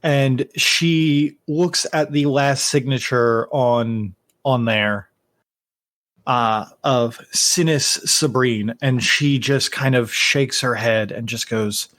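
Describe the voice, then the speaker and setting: A man narrating a tabletop game as game master, halting with many fillers and restarts. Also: medium pitch, a bit bright, no echo, clean studio sound.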